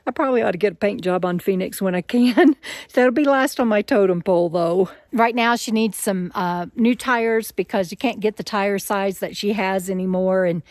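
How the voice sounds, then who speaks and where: A woman in the middle of an easygoing vlog, winded from hiking on a forest trail, chatty and quick to laugh as she tells a story. Her voice sits at a middle pitch, and the sound is close and dry, with no room echo. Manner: chatty, laughs often, animated retelling. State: out of breath while hiking. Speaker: RV nomad vlogger.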